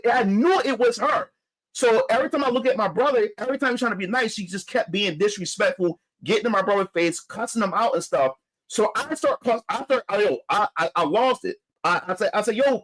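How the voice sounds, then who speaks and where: A man's voice: sits high, rough recording. A young man hosting his channel, retelling a heated run-in in casual, profane storytelling with many restarts. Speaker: channel host.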